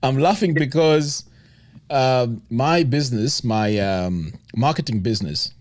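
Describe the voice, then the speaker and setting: A man with a medium-pitched voice speaks at a measured pace while hosting a live stream. He chats casually in an interview with his guest, often murmuring agreement.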